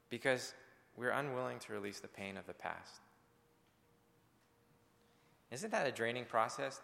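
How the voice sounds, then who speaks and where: A man's voice: medium pitch, creaky, fairly bright tone, big-room sound. A male pastor preaching a sermon in an earnest, conversational way, speaking directly to his congregation.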